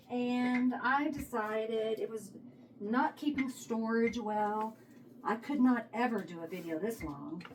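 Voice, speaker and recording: Slow-talking Texan woman in her kitchen. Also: a little high, a little mellow, a little hiss or hum. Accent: Texas. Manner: rambling, thinking aloud while working. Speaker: home cook vlogger. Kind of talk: casual cooking vlog chat. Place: home kitchen. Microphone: phone on a tripod.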